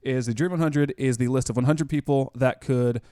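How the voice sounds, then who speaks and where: A man co-hosting a business podcast, explaining ideas in a steady, matter-of-fact way. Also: mid-range voice, normal speed, clear, resonant tone, no echo, clean studio sound. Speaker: podcast co-host. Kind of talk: casual explanatory talk.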